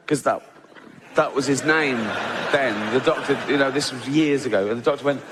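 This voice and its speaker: A man's voice: mid-range voice, moderate pace, background noise. A man doing a stand-up routine, laughing through his lines and acting out the characters in his story. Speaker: stand-up comedian. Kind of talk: stand-up routine with acted-out voices.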